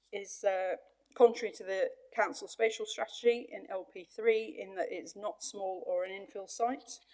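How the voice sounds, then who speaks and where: A woman presenting a planning report to a council committee in a measured, formal way, with a few hesitant repeats. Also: mid-range voice, a little mellow. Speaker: planning officer. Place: council meeting chamber.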